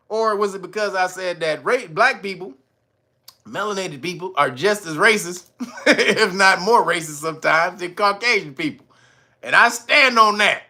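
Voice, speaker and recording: A man's voice: sits high, normal speed. A man hosting a livestream, reacting to news in casual slang and laughing often. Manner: laughs a lot, slangy, animated. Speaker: livestream host.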